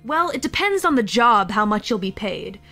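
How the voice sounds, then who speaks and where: Persuasive proprietor woman played by a woman, polite sales pitch, slightly high, faint music. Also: very animated, moderate pace, sharp tone, exaggerated voice. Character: smooth-talking woman who runs a hidden base.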